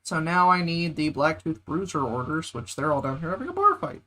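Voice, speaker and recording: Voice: mid-range voice, very animated, fairly quick, pushed and bright. A streamer, joking and chatting casually during a game. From United States. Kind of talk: casual gameplay chat.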